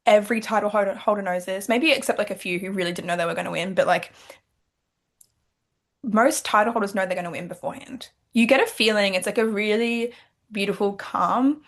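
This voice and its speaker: A young woman from Australia, a pageant titleholder, chatting in an interview and telling her story with lively quoted thoughts. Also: medium pitch, brisk. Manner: animated storytelling, quoting her own thoughts. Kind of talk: casual interview chat.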